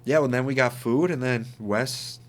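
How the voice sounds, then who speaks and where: A man's voice: mid-range voice, normal speed. Young man telling a rowdy story. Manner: animated, swearing, laughing while telling stories. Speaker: podcast co-host. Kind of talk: casual storytelling chat.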